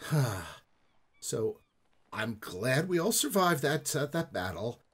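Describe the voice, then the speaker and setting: A husky-voiced female ship's officer, as a man puts her on, all faltering courtesy and tangled restarts. She hedges every harsh point with polite filler on a pirate-tinged radio play. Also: medium pitch, big pitch swings, exaggerated voice. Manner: hesitant, halting restarts. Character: woman ship's officer, smooth-talking, falsely reasonable.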